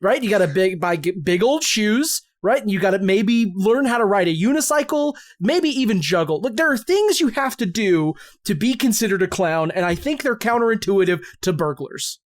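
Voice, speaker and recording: A man's voice: high-pitched, sing-song, normal speed, few pauses. A man co-hosting a comedic podcast, joking around and going off on playful mock-serious rants. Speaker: podcast co-host. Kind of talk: casual comedic podcast chat.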